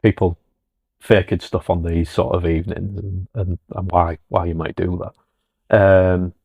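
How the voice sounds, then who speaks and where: A man co-hosting a podcast, chatting casually and relaxed as he recalls an evening. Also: deep voice, measured pace, creaky, breathy edge, dry recording, lo-fi sound. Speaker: podcast co-host. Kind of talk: casual chat.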